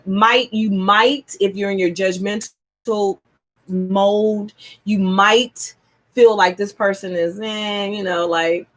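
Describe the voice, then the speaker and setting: A woman reading tarot cards on a live stream, chatty and excitable, with casual slang. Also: medium pitch. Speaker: tarot reader.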